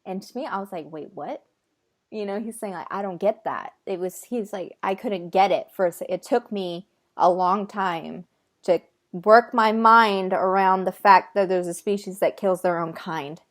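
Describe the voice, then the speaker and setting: A woman's voice: medium pitch, a little slow. A woman on a video call who passes on a guest's words in casual chat and often laughs. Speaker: host relaying a channeled guest's words.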